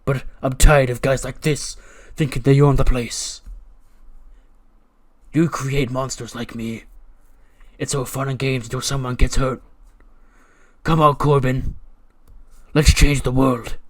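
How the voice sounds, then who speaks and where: A man voicing a menacing, threatening male wrestler, loud and taunting in a game story. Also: mid-range voice, steady tone, slow, pauses often. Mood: defiant.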